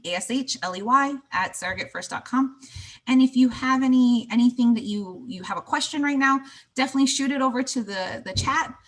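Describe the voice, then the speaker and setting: A woman's voice: mid-range voice, a bit bright. A woman in her thirties giving a webinar presentation for an agency over a video call, talking in a friendly, reassuring and chatty way with fillers.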